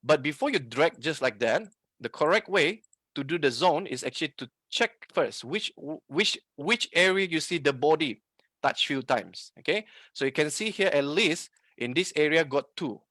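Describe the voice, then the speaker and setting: Leading a live online trading class, a man with a Malaysian English accent speaks in a fairly high, fairly bright voice. He blends in Malay and regularly quizzes his viewers, and there's no room sound.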